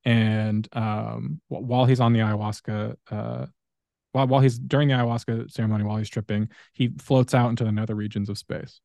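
A man's voice: lowish voice, fairly even intonation, brisk, creaky, darkish tone, no echo, clean studio sound. A man hosting a podcast, telling long stories in a rambling, casual way with many fillers. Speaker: podcast host.

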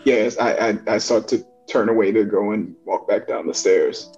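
A man playing a tabletop game, describing his character's actions in a measured way. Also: lowish voice, darkish tone, highs cut off, faint music behind. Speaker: player. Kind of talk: casual tabletop game play.

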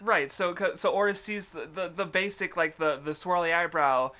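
A man's voice: a little high, normal speed, sharp tone. A young man co-hosting a casual chat, rambling with many fillers, restarts and frequent laughter. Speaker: podcast co-host.

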